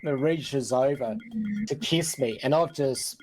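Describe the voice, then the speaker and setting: A man's voice: medium pitch, takes it slowly, over music. A man telling a long funny story on a podcast panel, laughing often as he goes. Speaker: panel guest, former game hotline worker.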